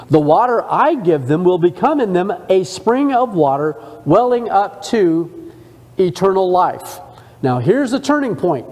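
In a church sanctuary with a big-room sound, a man with a high, slightly mellow voice leads a discipleship class. It's a Bible study sermon where he reads scripture aloud and stops to comment conversationally.

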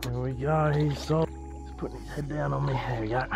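An Australian man giving casual, excitable running commentary while fishing outdoors, swearing freely and talking to the fish. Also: mid-range voice, fairly quick, gravelly, music in the background. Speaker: fishing vlogger.

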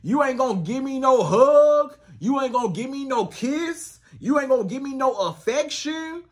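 A man's voice: very high-pitched, expressive, normal speed, voice pushed up. A man acting out a pleading boyfriend who whines and begs for a hug. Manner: whiny, wheedling questions. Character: pleading boyfriend begging for affection.

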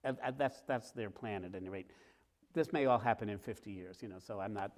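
A middle-aged author talking with a host before a live theater audience, telling stories in a lively way and acting out scenes. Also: male voice, fairly low pitch, a little fast. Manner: lively, acts out scenes with sounds and quoted voices. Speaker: author guest. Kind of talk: animated storytelling in conversation.

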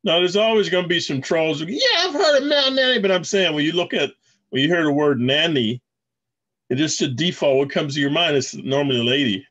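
A man's voice: fairly high pitch, brisk, fairly bright tone, muffled recording. A man talking casually to his viewers in a rambling way, commenting on video clips he plays. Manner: rambling, addresses viewers as guys. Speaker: channel host.

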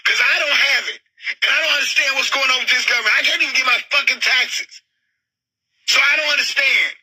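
A woman in an angry, profane rant, shouting and agitated, saying she is overheated and upset. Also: high-pitched, fairly quick, husky, low-quality recording. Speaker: woman in a viral video. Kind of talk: angry ranting monologue.

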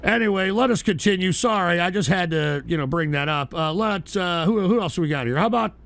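Middle-aged guy hosting call-in radio, raspy fry all over, kinda high voice, crude and abrasive. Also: animated, brisk, a bit bright. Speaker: call-in radio show host. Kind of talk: profane ranting call-in radio.

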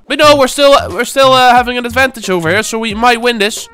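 A man's voice: extremely high pitch, fast, hardly any pauses, pushed and bright, soft background music. A man giving live gameplay commentary, swearing often and swinging between frustration and taunting his opponents while talking to viewers. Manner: talks to viewers. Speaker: gaming YouTuber.

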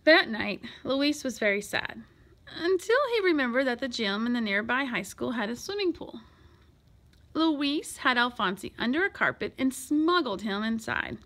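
A woman reads a children's picture book aloud in an expressive storytelling voice. Her tone is bright and sits high, with an animated, swooping melody. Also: moderate pace. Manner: expressive and lively.

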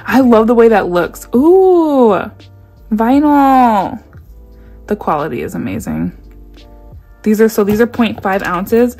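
A young woman chatting excitedly to her viewers while unboxing, gasping and gushing as she talks. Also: on the high side, slow pace, long pauses, faint music behind. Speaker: nail vlogger doing an unboxing. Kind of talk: excited casual unboxing chat.

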